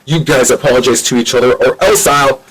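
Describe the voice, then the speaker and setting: A man's voice: medium pitch, brisk, a bit bright, breathy edge, pitched above the performer's own voice, rough recording. A man voicing Twinkle, a bossy magical young male hero who scolds and commands.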